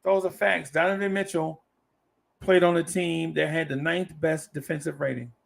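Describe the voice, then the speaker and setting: A man's voice: a little high, little pitch movement, normal speed, creaky. A man hosting a casual live-stream chat, reading viewer comments aloud in a playful way and often repeating his own phrases. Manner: playful, laughs easily. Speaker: host of a fan talk stream.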